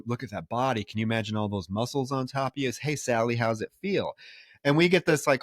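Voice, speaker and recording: A man co-hosting a podcast, retelling film scenes in a loose, animated way and swearing freely. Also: medium pitch, no echo, studio quality. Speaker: podcast co-host. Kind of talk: casual film recap chat.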